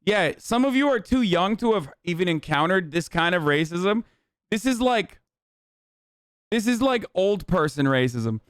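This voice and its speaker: A man hosting a stream, reacting in casual commentary, animated and profane, often laughing. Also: sits high, moderate pace, few pauses, clear, resonant tone, no room sound, clean studio sound. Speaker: streamer host.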